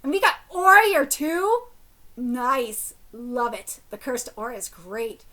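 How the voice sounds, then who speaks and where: A woman streaming a live reaction to a manga, reading panels aloud and yelling at dramatic moments. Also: high voice, takes it slowly. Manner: excitable, yells at dramatic panels.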